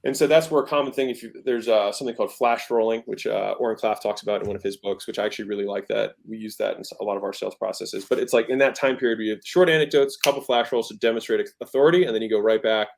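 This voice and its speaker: A man's voice: lowish voice, rapid-fire, vocal fry, few pauses. Guy in his 30s talking sales on a podcast, emphatic, plays with his tone a lot. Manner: emphatic, demonstrates tone shifts with his voice. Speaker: podcast guest, entrepreneur. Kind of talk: conversational teaching about sales.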